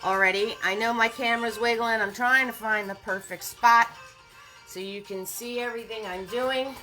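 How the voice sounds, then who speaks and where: A woman's voice: a little high, fairly even intonation, normal speed, pushed and bright, soft background music, poor audio. A woman hosting a live-streamed painting class, upbeat and greeting viewers by name as they join.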